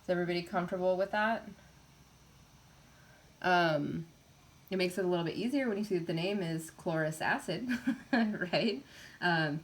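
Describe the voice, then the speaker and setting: A woman's voice: fairly low pitch, fairly bright tone. A woman teaching a college chemistry class in a casual, chatty way, with frequent filler words and laughing asides.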